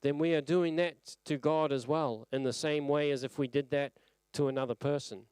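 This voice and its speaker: A man delivers a church sermon in an earnest, reflective way. His voice sits a little high and sounds smooth and resonant, and his phrases sink gently at their ends. The sound is dry and close. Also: fairly even intonation, normal speed, no room sound. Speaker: preacher. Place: church service.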